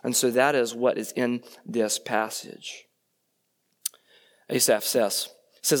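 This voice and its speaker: A man delivering a sermon in a chatty, conversational manner. He keeps checking in with his listeners through rhetorical questions and quick tag questions. His voice sits at an ordinary middle pitch for a man. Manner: conversational, rhetorical questions, frequent "right?" tags. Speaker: preacher.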